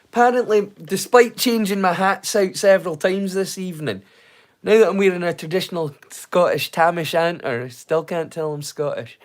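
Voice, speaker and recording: A man's voice: sits high, moderate pace. A man hosting a livestream, chatting casually and rambling with viewers by name. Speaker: streamer and host.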